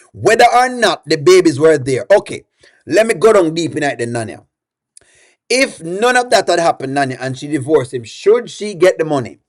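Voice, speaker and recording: A man hosting a live-stream reaction show, chatting and putting questions to his viewers while reading their comments aloud. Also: on the high side.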